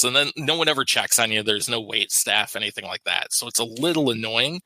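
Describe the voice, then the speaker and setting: A man co-hosting a podcast, chatting casually and telling stories, quick to laugh. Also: mid-range voice, sharp tone, no echo, rough recording. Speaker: podcast co-host. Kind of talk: casual chat.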